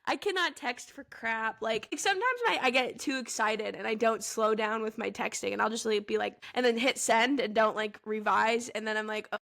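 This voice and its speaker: High, bright-voiced giggly young woman. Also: normal speed, gravelly, few pauses. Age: 20s. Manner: giggly, rambling, heavy use of "like". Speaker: podcast co-host. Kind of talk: casual chat.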